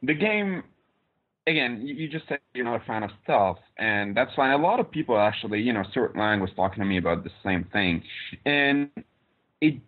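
A man's voice: mid-range voice, lively intonation, normal speed. A man joining a podcast by phone, talking through a game with frequent hesitations. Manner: hesitant, lots of ums and restarts. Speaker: podcast guest. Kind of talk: casual podcast chat. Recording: tinny phone line.

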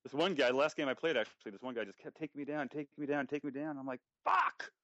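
A man's voice: medium pitch, no echo, dull audio. A man in casual podcast chat, joking and swearing freely as he talks. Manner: profane, joking, quick-talking.

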